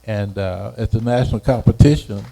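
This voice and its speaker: An elderly man in his eighties recalls his past in an interview, his voice gravelly and very dark. He talks unhurriedly and haltingly, often circling back over his words. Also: lowish voice, slight background noise, low-quality recording. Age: 80s. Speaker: retired educator being interviewed. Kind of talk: reminiscing personal story.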